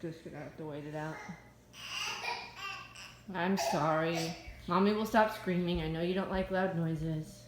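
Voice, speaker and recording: A woman's voice: on the low side, fairly even intonation, brisk, few pauses, heavy background noise. A young mother filming a casual home video, talking in a panicky, nervous way with swearing and jittery laughter. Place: inside a house.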